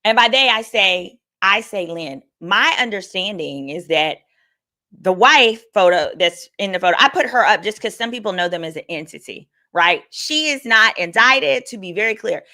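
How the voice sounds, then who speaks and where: A woman's voice: mid-range voice, expressive, normal speed, sharp tone. A woman attorney hosting a casual livestream of legal commentary, talking candidly and reading viewer comments aloud. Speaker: attorney and host.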